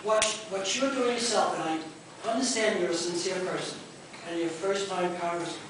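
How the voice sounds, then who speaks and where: A man's voice: high voice, brisk, slight background noise. An older man at a town hall meeting, pleading emotionally with his congressman and apologizing for getting upset. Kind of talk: impassioned public question. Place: library meeting room. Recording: echoey room taped from far off.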